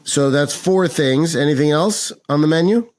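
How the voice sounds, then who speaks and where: A man's voice: on the high side, normal speed, a little mellow, dry recording. A man hosting a podcast, prompting his guest with short curious questions and light jokes. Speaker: podcast host. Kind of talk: interviewing.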